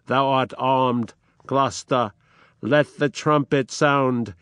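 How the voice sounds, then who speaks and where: A man voicing a stern duke passing judgment in fury, with a forceful, declamatory reading from a play. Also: medium pitch, steady tone, slow, clear, resonant tone, dry recording.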